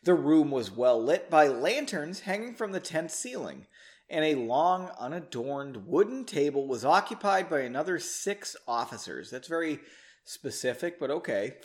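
A man's voice: a little high, very animated, moderate pace. A man casually reading his own story aloud, breaking off often for self-mocking, joking asides and a bit tipsy from drinking. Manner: self-mocking, chatty asides, laughs between passages. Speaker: reader of his own book.

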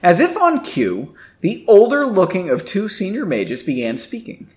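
A man's voice: sits high, wildly swooping pitch, moderate pace, darkish tone. A man reading a story aloud, breaking off for wry comments on the writing. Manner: wry, self-interrupting commentary. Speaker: reader.

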